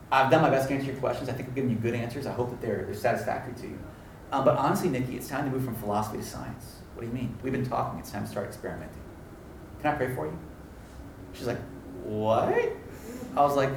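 A man preaching a sermon, telling a story and acting out the dialogue in an animated way. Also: medium pitch, noisy background. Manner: animated, acts out dialogue with laughter. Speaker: pastor. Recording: echoey room, mic at a distance.

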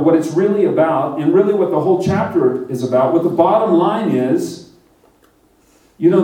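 A man preaching a sermon, his mellow, slightly higher voice carrying across a large, echoing hall. He speaks conversationally, putting questions to the congregation and acting out little quotes. The mic sits some distance from him. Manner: conversational, asks the crowd questions, acts out short quotes. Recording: roomy echo, voice from a distance.

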